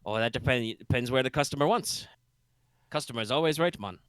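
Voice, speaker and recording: A man's voice: mid-range voice, a little fast, fairly bright tone, no room sound, natural voice. A man voicing a laid-back, shirtless human boat captain in a vaguely Jamaican bayou accent, ending his lines with "man". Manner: easygoing, ends lines with "man".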